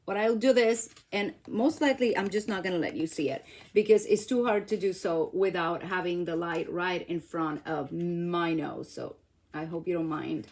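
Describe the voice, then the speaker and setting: A woman's voice: fairly low pitch, normal speed, darkish tone. Chatty middle-aged woman crafting. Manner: chatty, laughs at herself, talks to viewers. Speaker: craft channel host. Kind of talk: casual crafting demo.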